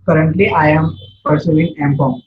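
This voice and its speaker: A man's voice: on the high side, fairly even intonation, normal speed, dull audio, slight background noise. A young man practising self-introduction sentences, hesitant and repeating lines to get them right. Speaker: English learner.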